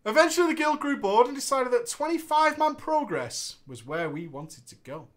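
A very high-voiced man moves at a moderate pace as he reads a gaming story on the casual podcast he co-hosts. Laughter comes often, alongside playful, expressive banter.

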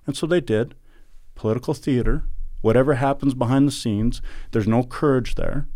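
A man's voice: mid-range voice, normal speed, mellow, dry recording, studio quality. A middle-aged man from Alberta, Canada, a podcast guest recounting events in an earnest, indignant and emphatic way. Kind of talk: conversational interview storytelling.

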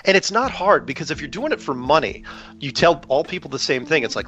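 A man's voice: a little high, big pitch swings, a bit bright. A man talking in a heated, rambling way, restarting sentences and often asking "right?" as he argues his point. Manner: heated, rapid, many restarts and rhetorical "right?". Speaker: podcast guest with his own channel. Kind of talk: casual conversational rant. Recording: dull lo-fi sound with faint music.

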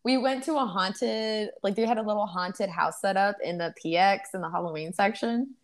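A woman's voice: medium pitch, moderate pace. A woman co-hosting a casual chat podcast, telling frank stories about her son with mild swearing. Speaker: podcast co-host.

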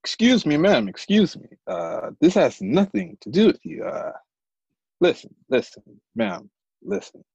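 A man in a tabletop game playing an officious agent who keeps telling a woman to calm down. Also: high voice, normal speed, creaky, husky, no echo, highs cut off. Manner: stern, officious, repeats "ma'am". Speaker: player. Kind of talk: in-character tabletop role-play.

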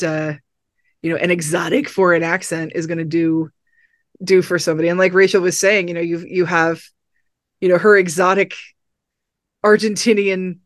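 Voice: mid-range voice, no echo, studio quality. A person reviewing a film on a podcast in casual chat, rambling and enthusiastic with many restarts.

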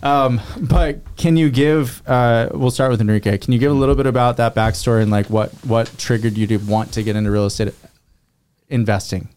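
A man's voice: medium pitch, fairly even intonation, a little fast, a little mellow, clean tone. A man hosting a casual interview, chatty and reflective, leaning on fillers as he talks. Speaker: podcast host.

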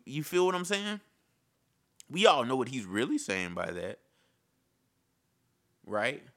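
A man delivers an impassioned, casual monologue, repeating his points and calling the listener "bro." His voice is mid-range and bright, with a forceful tone.

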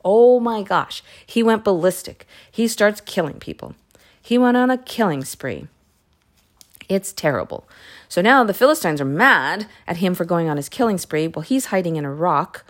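Woman, low-pitched, relaxed devotional podcaster, conversational Bible retelling full of asides. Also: moderate pace. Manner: chatty, with self-corrections and asides. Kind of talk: casual Bible story retelling.

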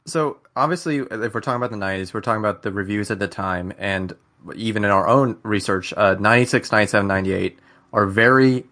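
A man's voice: lowish voice, fast, sharp tone. A man hosting a casual gaming podcast, laid-back and putting questions to the panel. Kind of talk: casual chat.

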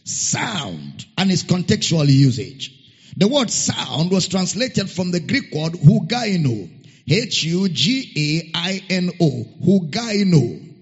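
A man preaching a sermon, reading scripture slowly and emphatically and repeating key phrases. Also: high voice, husky. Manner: spells out a Greek word letter by letter. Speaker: pastor. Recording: muffled sound with long hall reverb.

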